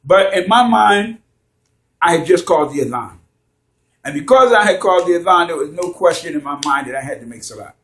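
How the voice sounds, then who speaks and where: A man telling a story in a casual, lively way, acting out the scenes as he goes. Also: fairly high pitch, fairly quick.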